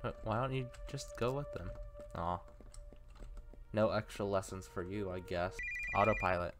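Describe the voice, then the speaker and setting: A man's voice: deep voice, over music. A man casually playing a game on video, reading its text aloud in a musing way and sometimes stammering. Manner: slow, musing, occasional stammers. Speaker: let's player.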